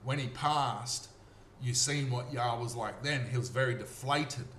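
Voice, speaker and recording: A man's voice: mid-range voice, unhurried, fairly bright tone. Earnest Australian man in a roomy echo. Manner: earnest, repetitive, checks in with "okay?". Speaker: storyteller. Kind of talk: rambling personal testimony. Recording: roomy echo, faint noise.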